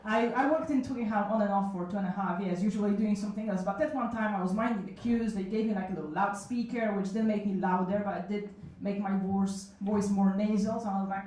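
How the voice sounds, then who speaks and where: A woman's voice: medium pitch, fairly even intonation, fast talker, hardly any pauses, a little mellow, a little hiss or hum. Frank, self-mocking woman in her thirties. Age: 30s. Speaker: solo show performer telling stories. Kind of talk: comic storytelling at a live event. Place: small cafe event room. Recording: echoey room from a distance.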